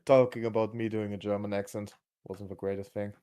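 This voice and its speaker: A man chatting casually as a player in a tabletop game. His voice sits fairly low, and he talks haltingly, stopping on fillers and restarts. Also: level tone, warm tone.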